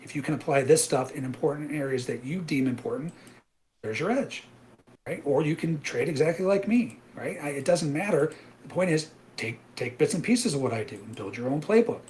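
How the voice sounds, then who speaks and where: A man's voice: on the high side, lively intonation, fairly quick, a little mellow. A middle-aged man hosting a live trading webinar, ranting emphatically and often tagging "right?" onto his points. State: out of breath. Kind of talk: animated live webinar rant.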